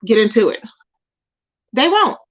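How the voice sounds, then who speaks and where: A woman with a fairly high voice is very animated yet unhurried as she rants on her commentary channel. She scolds someone confrontationally, repeating their name again and again, in a dull lo-fi recording.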